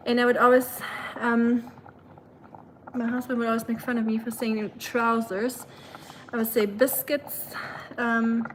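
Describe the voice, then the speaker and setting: In her home kitchen, a woman hosts a casual live stream while cooking, chatting to her dog and reading out viewers' comments between tasks; her voice is slightly high and fairly bright, and her British English is learned. The low-quality recording carries slight background noise, with dishes and pans clattering clearly.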